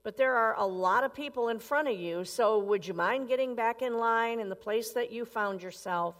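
Courteous female airport clerk, calm and patient, voiced by a woman; long reverb. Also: fairly high pitch, normal speed, close to an everyday voice. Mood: polite.

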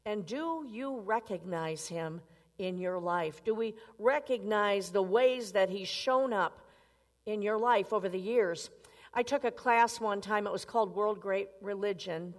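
A woman's voice: mid-range voice, measured pace. A woman preaching a sermon in a conversational way, often asking her listeners questions. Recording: long reverb.

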